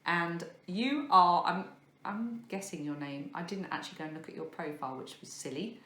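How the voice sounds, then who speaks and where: Woman, 30s, rambling craft podcast host, lowish voice, roomy echo. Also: moderate pace, bright, forceful tone, slight background noise. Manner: rambling, self-deprecating, many fillers. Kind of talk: casual chat showing crafts to camera. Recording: echoey room.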